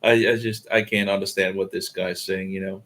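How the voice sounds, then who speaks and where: A man runs a casual chat stream, his voice low-pitched but bright and sharp in tone. He answers calmly and hesitantly, in short, mild replies. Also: moderate pace. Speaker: streamer hosting random video chats.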